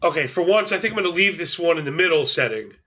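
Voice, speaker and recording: A man's voice: on the high side, lively intonation, quick pace, pushed and bright. A man analyzing fantasy football on a podcast, rattling off stats and slipping in dry jokes. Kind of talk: fantasy sports podcast chat.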